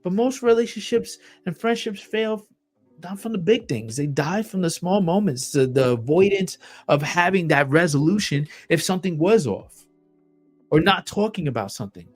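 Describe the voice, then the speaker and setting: A man's voice: sits high, animated, normal speed, faint music behind. A man hosting a solo podcast, blunt and emphatic, swearing often and repeating himself for effect. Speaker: podcast host.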